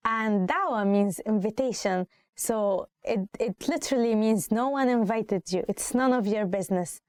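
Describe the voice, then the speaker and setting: A woman with an Egyptian accent gives a spoken Arabic lesson at a brisk pace. She repeats every phrase and then translates it into English. Her voice sits at a middle pitch and sounds dry and close. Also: no echo. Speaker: Arabic teacher. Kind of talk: language lesson.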